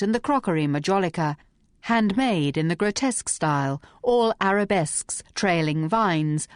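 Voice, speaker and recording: A woman with a low voice reads a novel aloud at a measured pace. The recording is close and dry, with no room sound. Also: dry recording. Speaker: audiobook narrator. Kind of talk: scripted narration.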